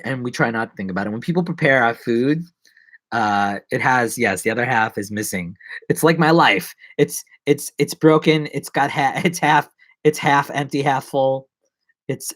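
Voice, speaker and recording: A man's voice: medium pitch, moderate pace, fairly bright tone, dry recording. A man talking casually on a live stream, rambling and joking at himself with many restarts. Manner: rambling, self-mocking, many restarts and asides.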